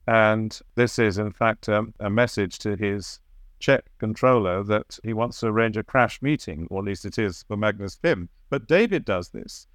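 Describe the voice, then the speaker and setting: A man's voice: mid-range voice, no room sound, studio quality. A man being interviewed as the author of a biography, answering reflectively and sometimes searching for the right word.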